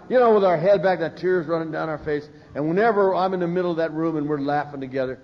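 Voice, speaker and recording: A man's voice: a little high, fairly quick, slight background noise. An older man speaking at a recovery meeting, telling humorous stories and acting out the voices he quotes. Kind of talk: storytelling talk from a podium. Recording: dull lo-fi live recording.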